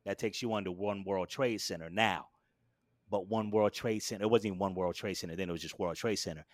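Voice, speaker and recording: A man recounting a story in a relaxed interview, lively and expressive. He acts out quotes with sudden jumps in pitch and loudness. The sound is dry and close, with no room around it. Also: brisk, dry recording. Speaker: guest.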